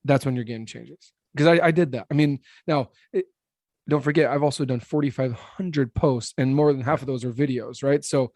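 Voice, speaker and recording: A man in his thirties who owns a roofing business, a podcast guest talking fast and blunt, slurring his words a little. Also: no echo, clean studio sound. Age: 30s. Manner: blunt, animated, salesman-like pitching. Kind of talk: casual podcast interview.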